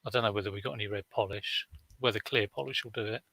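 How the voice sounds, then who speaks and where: Guy chatting on a stream about his haul, rambly with lots of ums, bright voice, dry close sound. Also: on the low side, fairly even intonation, fast, gravelly, slightly rough, no room sound. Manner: rambling, chatty storytelling with many fillers and restarts. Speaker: reseller vlogger. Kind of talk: casual live-stream chat.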